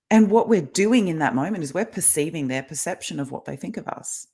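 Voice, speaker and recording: A woman's voice: on the low side, lively intonation, a little fast, mellow, breathy edge. A middle-aged woman guest explaining ideas in a casual interview over a video call, talkative and laughing often. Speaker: guest, kinesiologist and life coach.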